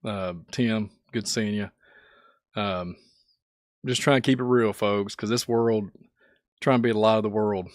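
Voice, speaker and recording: A man with a sore, hoarse throat hosting a casual livestream, laughing often as he greets viewers in the chat by name. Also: on the low side, steady tone, unhurried, long pauses, no echo, studio quality. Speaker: livestream host.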